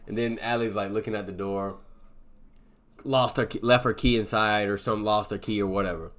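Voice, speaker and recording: A man's voice: lowish voice, steady tone, fairly quick, fairly bright tone. A man recapping a film plot in a casual, rambling way, with constant filler words. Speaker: movie reviewer.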